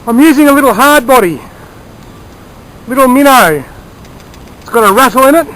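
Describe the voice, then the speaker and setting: A man's voice: very high-pitched, animated, moderate pace, fairly bright tone, poor audio. A man chatting enthusiastically as he fishes by a small creek outdoors, explaining his gear and sharing tips. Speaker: fishing vlogger. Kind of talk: casual outdoor narration.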